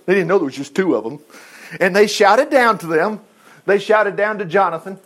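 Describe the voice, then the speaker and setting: Animated high-voiced man reading scripture. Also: fairly quick. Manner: animated, digressive asides. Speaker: Bible teacher. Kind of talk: Bible reading with commentary.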